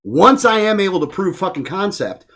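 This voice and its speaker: A man's voice: sits high, big pitch swings, normal speed, a bit bright. A man speaking as a podcast guest in a studio, ranting bluntly in casual talk full of profanity. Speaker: guest, political activist.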